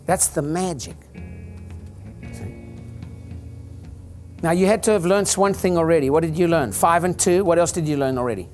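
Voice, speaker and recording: A man's voice: a little high, moderate pace, long pauses, a little mellow, faint music behind. An older man, a chiropractor, giving an informal talk to an audience in a rambling, joking, preacher-like way.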